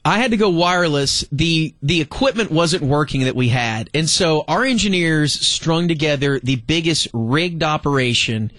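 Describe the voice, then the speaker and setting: A man, hosting a radio show and telling a story in a lively, laughing way. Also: on the high side, normal speed, hardly any pauses, no room sound. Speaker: radio host. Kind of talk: casual radio chat.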